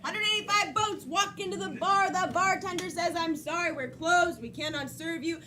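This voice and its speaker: High-voiced woman telling improv jokes. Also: normal speed, sharp tone, a little hiss or hum. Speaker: improv performer. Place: comedy theater stage.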